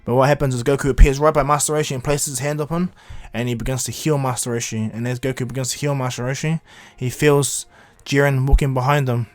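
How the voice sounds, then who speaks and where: A man's voice: mid-range voice, fairly even intonation, quick pace, hardly any pauses. Rambling casual male fan storyteller. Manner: rambling, loose, with restarts. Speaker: YouTube storyteller. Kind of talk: casual fan-fiction retelling.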